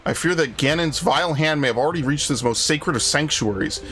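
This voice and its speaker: A man's voice: fairly high pitch, brisk, sharp tone. A man reading aloud the lines of a solemn old male talking boat guide from a video game, in his own plain voice.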